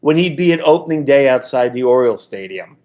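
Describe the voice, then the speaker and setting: On a relaxed podcast, a man in his sixties who once worked as a political staffer tells stories, frequently starting sentences over. His medium-pitched voice is animated, a little mellow, and fairly quick.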